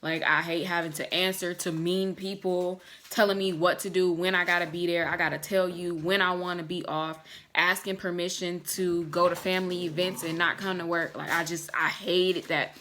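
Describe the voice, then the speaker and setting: Chatty young woman with a bright, low voice. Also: moderate pace, a little hiss or hum. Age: 20s. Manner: chatty, relaxed, lots of "like" and "um" fillers; warm and candid, talking straight to viewers. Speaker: vlogger. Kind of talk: casual vlog chat.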